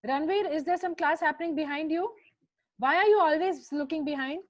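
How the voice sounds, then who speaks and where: A woman with an Indian English accent teaching an online grammar class to children over a video call, coaxing them along with brisk, repeated prompts. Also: high voice, muffled recording.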